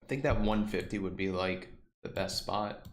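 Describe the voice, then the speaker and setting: Hoarse man doing market commentary. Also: low voice, echoey room. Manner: relaxed, reads out price levels slowly. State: losing his voice from a sore throat. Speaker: stock trading livestream host. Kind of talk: casual live market commentary.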